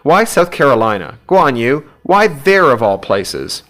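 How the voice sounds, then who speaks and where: A man's voice: medium pitch, big pitch swings, a little slow, a bit bright, pitched above the performer's own voice. A man voicing a hungover, desperate man who whines and wails in panic. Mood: panicky. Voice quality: wailing, whiny.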